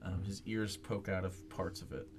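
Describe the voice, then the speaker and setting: A man's voice: deep voice, moderate pace, background noise. A man narrating as game master, rambling with many fillers while he describes the scene.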